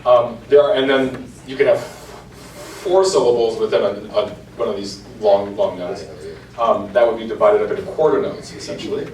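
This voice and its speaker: The cantor's voice here is fairly low and a little mellow, at a moderate pace, picked up by a distant mic. Lecturing informally to an adult class in a church meeting room, he chants example lines in rhythm, and the echoey room carries a faint hiss and a voice-from-afar quality.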